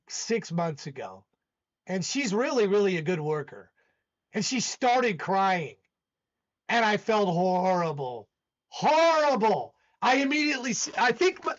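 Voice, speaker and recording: A man's voice: high voice, fairly bright tone, dull audio. A man hosting a casual stream, talking intensely and emphatically with frequent restarts. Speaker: host. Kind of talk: casual livestream chat.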